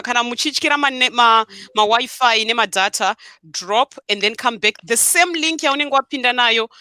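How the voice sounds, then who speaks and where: A woman hosts a live online show over a video call, firm and direct with her viewers, slipping Shona into her English. Her voice is bright and forceful. The sound is dry, with no room echo. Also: a little high. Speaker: host.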